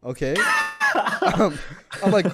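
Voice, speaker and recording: Young man swearing through an animated story. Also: fairly high pitch, takes it slowly, over a noisy crowd. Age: young adult. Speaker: podcast co-host. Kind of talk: casual podcast chat.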